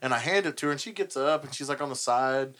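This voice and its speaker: A man's voice: mid-range voice, quick pace. A young man on a podcast telling a rowdy story with lots of swearing, acting out what people said. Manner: profane animated storytelling, acts out quotes. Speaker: band member and podcast host. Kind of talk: casual podcast chat.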